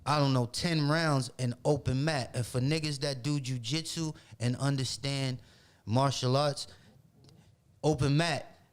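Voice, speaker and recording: A man from Boston, a podcast guest telling a story in casual chat, animated and profane, acting out the voices of others. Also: medium pitch, unhurried, clean tone. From Boston, Massachusetts.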